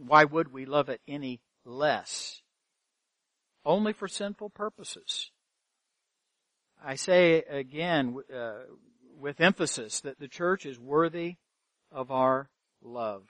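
A man's voice: high-pitched, dry recording. A man preaching a sermon as pastor, earnest, asking rhetorical questions and repeating phrases for emphasis. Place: church sanctuary.

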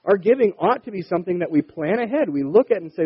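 A man's voice: sits high, lively intonation, fast, breathy edge. A man preaching an earnest sermon as pastor, reading scripture aloud and urging his listeners. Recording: dull, dry lo-fi recording.

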